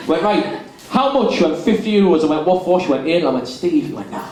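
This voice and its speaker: A man's voice: a little high, lively intonation, fast, darkish tone. A young man doing crude, blunt stand-up storytelling on a club stage, acting out the dialogue. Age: young adult. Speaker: stand-up comedian. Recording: very echoey club room.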